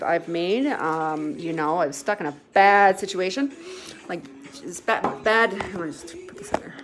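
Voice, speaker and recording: A vlogger speaks candidly about her recovery in a loose, rambling monologue, stumbling through fillers and restarts, cursing now and then, her tone on the verge of tears. Her voice is medium-pitched, and there's a little hiss or hum on the recording.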